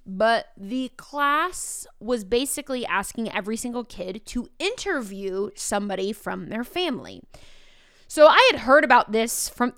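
A woman's voice: fairly high pitch, pushed and bright, smooth, no echo, studio quality. A woman teacher talking casually and telling upbeat classroom stories. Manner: upbeat, storytelling. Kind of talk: casual podcast talk.

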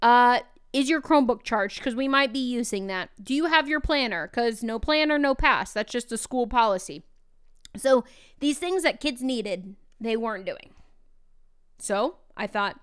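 A woman teacher hosting her own podcast, talking in a casual, loud and energetic way, candid and animated. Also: on the high side, measured pace, smooth. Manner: animated and candid, acts out quoted exchanges. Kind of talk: casual solo podcast talk.

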